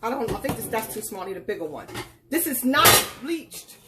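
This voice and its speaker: A woman's voice: a little high, big pitch swings, a little fast, noisy background. A woman hosting a live cooking tutorial, giving folksy, instructive directions and calling her viewers child and girl. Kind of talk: casual live cooking demonstration.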